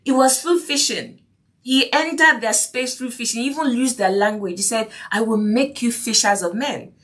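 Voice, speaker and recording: A woman with a slightly high, somewhat bright voice speaks at a moderate pace. She hosts a faith-based parenting podcast, earnest and repetitive, returning to key phrases and often asking "do you see what I mean?"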